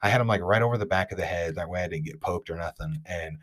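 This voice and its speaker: A man with an Ohio accent hosting a podcast, telling a fishing story in a rambling, animated way with lots of "like". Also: deep voice, fast. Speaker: podcast host. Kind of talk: casual storytelling.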